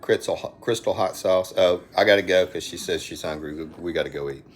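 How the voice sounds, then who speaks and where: Talking fairly quickly in a low voice, a middle-aged Alabama-accented man hosts a relaxed live stream from his phone at home. He's folksy and rambling, and he addresses viewers by name.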